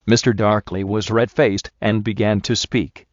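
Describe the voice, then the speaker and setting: A man narrating an audiobook in a steady, even way. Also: fairly low pitch, unhurried, no echo, dull audio. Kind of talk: scripted narration.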